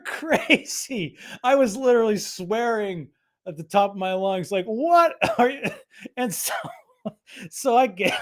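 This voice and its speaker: A livestream host telling stories straight to the camera, all loose chatter and doubled-back phrases. The voice sits in a middle pitch, neither high nor low. It is an easygoing, unscripted delivery from a webcam setup at home. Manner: rambling, chatty storyteller with many restarts. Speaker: host of a live creator show. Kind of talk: casual livestream chat.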